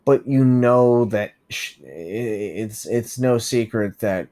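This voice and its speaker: A man co-hosting a podcast, chatting casually and profanely about wrestling, laughing and riffing on jokes. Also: on the low side. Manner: excitable, profane, quick to laugh and riff. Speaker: podcast co-host. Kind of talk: casual wrestling recap chat.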